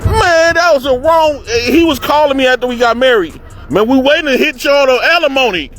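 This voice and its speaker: High-voiced man telling a profane story. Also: a little fast, faint music behind. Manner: animated, profane, laughing storyteller acting out quotes. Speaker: podcast host telling a story. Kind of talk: casual storytelling.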